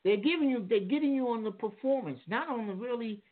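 A man's voice: extremely high pitch, animated, brisk. A man calling in to a radio talk show, explaining at length in a rambling, lecturing way with many restarts. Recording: tinny phone line.

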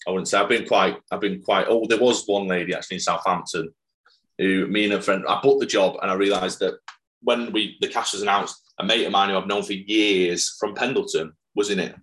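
A man's voice: deep voice, a little fast, a bit bright. A young adult man in casual chat, telling stage-touring stories with frequent laughs. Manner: chatty anecdote-telling with laughs.

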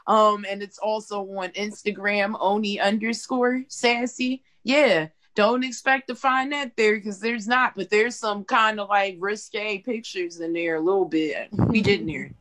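A woman's voice: mid-range voice, steady tone, unhurried, few pauses, a bit bright. A woman co-hosting a podcast, giggling and playful in casual chat. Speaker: podcast co-host.

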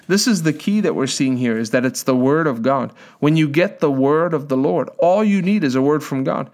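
A man preaching a sermon, telling a healing story with lively quoted voices and reading scripture aloud. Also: mid-range voice, brisk.

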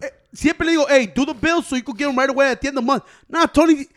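A man with a very high voice co-hosts a loose podcast. He rants rowdily, swearing constantly, bursting into laughter and dropping Spanish words. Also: rapid-fire, a bit bright. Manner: profane, rowdy ranting with bursts of laughter, drops Spanish words. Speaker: podcast co-host. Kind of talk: casual chat.

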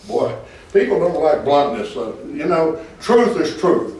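Male pastor, fervent sermon, high voice, distant mic in a roomy church. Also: big pitch swings, takes it slowly. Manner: preaching with call-and-response, rising to shouts. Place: church sanctuary. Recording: echoey church hall from far off.

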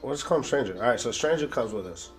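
A man's voice: medium pitch, animated, fast talker, soft background music. A man co-hosting a podcast, telling a rambling story in casual chat and swearing freely. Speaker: podcast co-host.

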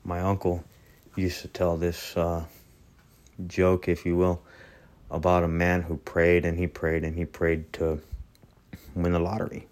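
A man's voice: sits low, completely flat delivery, measured pace, pauses often, darkish tone. A man giving an earnest sermon and leading a prayer, repeating phrases for emphasis. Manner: earnest, preaching with repetition. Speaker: preacher.

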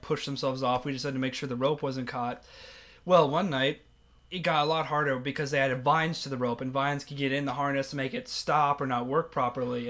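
A young man co-hosting a casual chat podcast, telling animated stories and acting out quoted lines. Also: medium pitch. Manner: animated storyteller, acts out quotes loudly. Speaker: podcast co-host.

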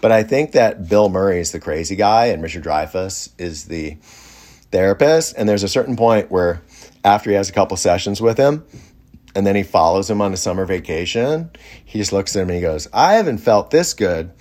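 A man telling a rambling story in a casual way, with many fillers and lively quoted voices. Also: low-pitched, fairly quick.

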